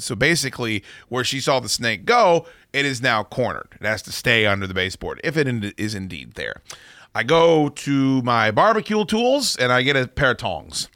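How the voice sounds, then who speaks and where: Animated, bright-voiced male show host. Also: mid-range voice, no room sound, studio quality. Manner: animated, profane, wry. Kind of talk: casual storytelling chat.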